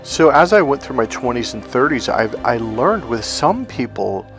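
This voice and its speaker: A middle-aged man talks casually in a mid-range voice, coaching his listeners through personal stories. He acts out the other people's lines and often restarts his sentences. Soft music plays faintly underneath. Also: medium pitch, normal speed. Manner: chatty, animated storytelling with acted-out quotes. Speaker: self-help coach. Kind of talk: casual talking-head advice.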